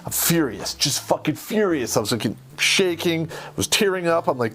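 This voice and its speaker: A man, an army veteran, telling a story of his own service in a heated, profane, animated way. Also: fairly high pitch, moderate pace. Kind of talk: casual storytelling.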